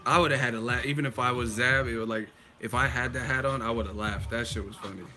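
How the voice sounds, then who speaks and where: A man hosting a live-stream boxing chat, talking casually and excitedly, laughing often and swearing freely. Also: medium pitch, fast, music in the background. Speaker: boxing channel host.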